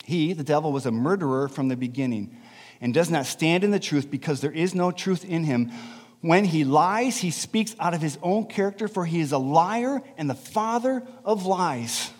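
A man preaching a sermon as pastor, animated and conversational, asking the congregation questions. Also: a little high, normal speed, in a large hall. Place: church sanctuary.

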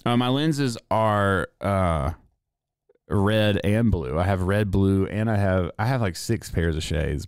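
Low-voiced, swearing young male streamer. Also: a little mellow, no echo, clean studio sound. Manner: sarcastic, swears freely, drawling asides. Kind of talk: casual profane rant.

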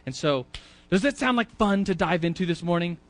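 A man's voice: sits high, expressive, fairly quick. A man teaching a Sunday school class in a church, talking casually, often repeating words and asking the audience questions. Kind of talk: casual sermon.

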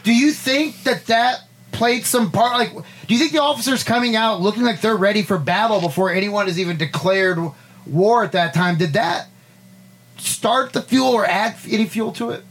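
A man co-hosting a podcast, telling a rambling, animated story with lots of fillers in a casual chat. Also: high voice, normal speed. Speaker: podcast co-host.

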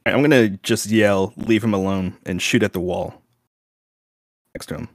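A man's voice: on the low side, unhurried, no room sound, clean studio sound. A man playing a tabletop game, thinking aloud and hesitating as he decides. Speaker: player.

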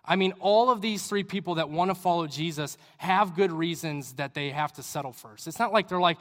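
A man's voice: on the high side, fairly quick, fairly bright tone. A young adult man giving a sermon in a church hall, earnest and conversational, with rambling asides. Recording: reverberant hall.

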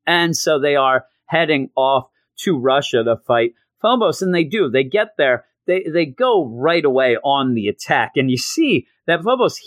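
A man casually recapping a comic book story, animated and slipping into voices for the characters. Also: mid-range voice, no echo. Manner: animated retelling, acts out quotes. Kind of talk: casual review chat.

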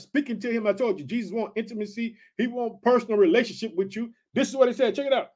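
A man preaching an informal sermon, reading scripture and breaking off to address listeners as family in an excited, slangy, emphatic way. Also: very high-pitched, fast, hardly any pauses.

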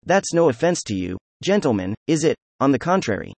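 A man voicing an excitable, proud young nobleman under questioning, talking effusively and emphatically. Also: mid-range voice, fairly quick, gravelly, no room sound. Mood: defiant.

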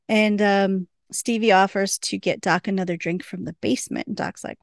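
A woman's voice: mid-range voice, fairly even intonation, moderate pace, creaky, no echo, studio quality. A woman casually recapping a TV episode on a podcast, chatty and laughing often as she quotes the characters. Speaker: podcast co-host.

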